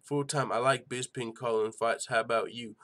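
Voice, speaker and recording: Excitable, profane male live-stream host. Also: medium pitch, moderate pace. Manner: profane, excitable, rhetorical questions. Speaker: show host reading live chat. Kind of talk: casual live-stream commentary.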